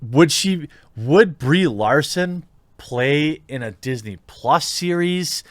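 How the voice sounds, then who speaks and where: A man's voice: fairly high pitch, animated, slow, dry recording. A man hosting a commentary show, reading out reports and reacting with sarcastic disbelief. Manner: sarcastic, incredulous, reads out reports then riffs. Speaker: commentary channel host. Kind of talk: opinionated commentary monologue.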